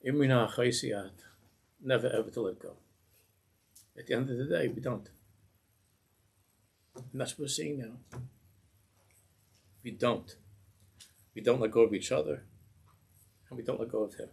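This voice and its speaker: A man's voice: medium pitch, a little slow, creaky, pauses often, husky. A man, a rabbi, giving a sermon in a synagogue and telling a story, acting out the voices in it. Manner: animated storytelling, acts out voices in the tale.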